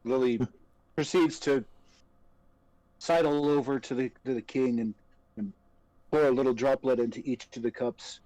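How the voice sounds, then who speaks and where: A man playing a tabletop game, describing his actions haltingly. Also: medium pitch, fairly even intonation, warm tone, no room sound, poor audio. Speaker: player. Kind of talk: casual game chat.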